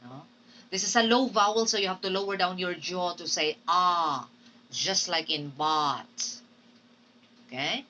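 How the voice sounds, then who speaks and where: A woman's voice: lowish voice, steady tone, moderate pace, bright, forceful tone, distant mic, dull audio, a little hiss or hum. A Filipino woman teaching English phonetics in a recorded lecture, drilling example words and often checking in with "Okay?". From Philippines.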